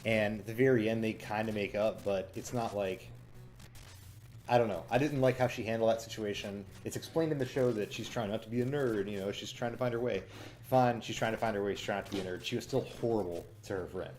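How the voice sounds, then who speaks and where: A man casually reviewing a show, chatty and cynical, with frequent fillers, breaking into quick impressions of lines he quotes. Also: fairly low pitch, a little mellow, a little hiss or hum.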